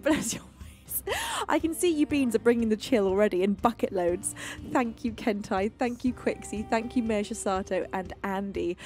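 A woman from the UK hosting a livestream, greeting her chat in a playful, affectionate, deliberately calm and soothing voice. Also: on the high side. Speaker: streaming singer-songwriter host. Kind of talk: casual livestream chat reading chat messages. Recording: faint music playing behind.

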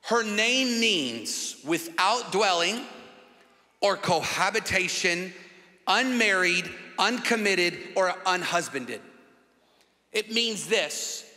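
A man's voice: high-pitched, expressive, slow pace, bright, forceful tone. A man pastor preaching a sermon emphatically, with long repetitions. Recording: long hall reverb.

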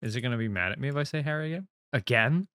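A man's voice: mid-range voice, lively intonation, rapid-fire, fairly bright tone, smooth, no echo, clean studio sound. A young man reading a visual novel aloud and reacting to it, with casual talk, frequent swearing and laughs between lines. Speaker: gaming streamer.

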